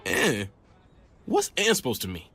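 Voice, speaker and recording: A man voicing a pushy, excitable street hustler in a cartoon. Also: medium pitch, a little slow, creaky, exaggerated voice. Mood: indignant. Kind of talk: cartoon clip. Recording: music under the voice.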